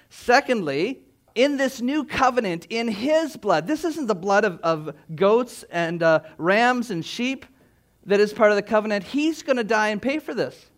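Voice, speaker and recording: A man preaching a sermon as pastor, emphatic, with rhetorical questions and repeated phrases. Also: high-pitched.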